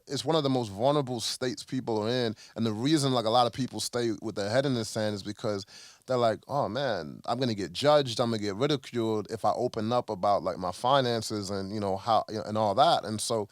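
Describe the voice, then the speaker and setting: A man's voice: medium pitch, dry recording. Man, Chicago accent, podcast guest, casual storytelling, dry close sound. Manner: animated storyteller, acts out quoted voices, lots of fillers. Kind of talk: casual interview chat.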